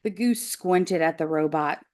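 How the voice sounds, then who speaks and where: Slow-reading woman teacher. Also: sits low. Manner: slow, expressive storytelling. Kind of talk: children's read-aloud.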